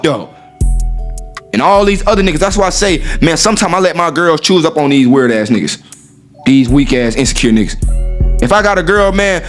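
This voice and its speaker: A man's voice: on the high side, fairly bright tone. A man in a casual monologue to his viewers, brash, profane and swaggering, who acts out what others said. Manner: acts out quoted women in raised voice. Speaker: dating talk host.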